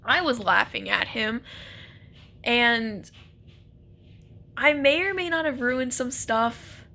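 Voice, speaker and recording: A young woman telling a casual, animated story about a first date, laughing and acting out quotes. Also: on the high side, slow pace, vocal fry. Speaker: vlogger.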